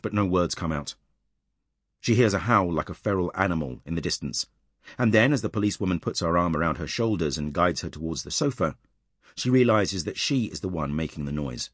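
A man narrating an audiobook in a measured, tense storytelling manner, recorded close in a dry studio. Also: sits low, animated, no echo.

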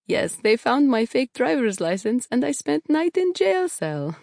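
A woman's voice: high-pitched, sing-song, measured pace, vocal fry, a little mellow, no echo, studio quality, pitched above the performer's own voice, exaggerated voice. A woman doing a jaunty Russian-accented dad. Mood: gleeful. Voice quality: broken English, jaunty. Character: cheerful middle-aged Russian father, carefree.

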